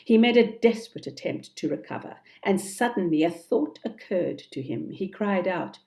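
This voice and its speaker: A woman narrating a children's storybook in a calm, measured, deliberate reading. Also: fairly low pitch, gravelly. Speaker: storybook reader.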